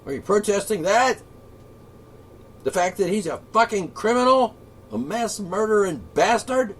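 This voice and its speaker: A man with a high voice rants alone, swearing freely and dripping with sarcasm. He swings from shouting to low mutters. Faint background hum sits under his voice. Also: lively intonation, measured pace. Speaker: political commentator. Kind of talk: angry solo rant.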